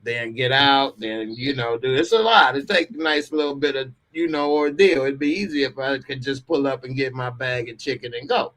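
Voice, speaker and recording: A man's voice: mid-range voice, normal speed, hardly any pauses, fairly bright tone. A man hosting a live call-in podcast, telling a comic story with frequent laughter and acted-out voices. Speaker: podcast host.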